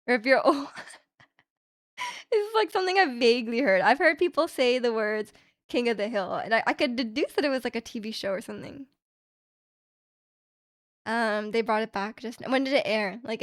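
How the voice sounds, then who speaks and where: A woman's voice: fairly high pitch, dry recording, studio quality. A young woman livestreaming from home, chatting in a rambling way and reading out viewer comments with light laughs.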